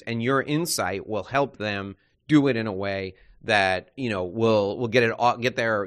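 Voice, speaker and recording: A man's voice: lowish voice, fairly bright tone. A man from New York hosting a podcast interview, talking in a casual, rambling way with many restarts and turning upbeat when he wraps up. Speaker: podcast host.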